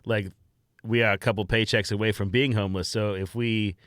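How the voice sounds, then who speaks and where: A man's voice: on the low side, steady tone, brisk, fairly bright tone, dry recording, clean studio sound. A man playing a tabletop game, making crude in-character quips. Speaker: player. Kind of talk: improv game banter.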